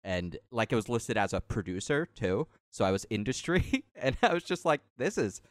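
A man's voice: lowish voice, very animated, moderate pace, dry recording, studio quality. A man in his thirties chatting casually about a video game, rambling with many fillers. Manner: rambling, lots of fillers and laughs. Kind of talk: casual chat.

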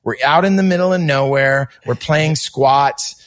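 A man's voice: a little high, a little slow. A middle-aged man telling a long story in casual chat, acting out quoted voices and swearing freely. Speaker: podcast guest musician.

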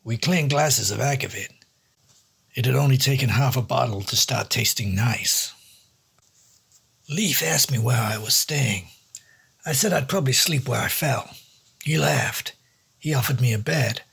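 A man's voice: medium pitch, normal speed, gravelly, fairly bright tone, slightly rough. A man narrating a hard-boiled noir story in a dry, wry first-person detective voice. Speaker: storyteller and host.

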